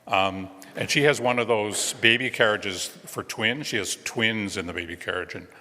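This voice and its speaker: A man with a low but bright, forceful voice tells a children's story in a church service. He is gentle and playful and pauses often. A long reverb from a large sanctuary follows his words. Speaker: guest minister.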